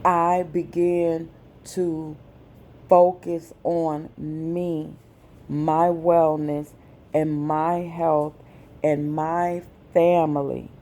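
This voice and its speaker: A woman vlogger, speaking slowly and with feeling in a personal message to her viewers. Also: low voice, flat delivery, dark tone. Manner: slow, deliberate, emotional.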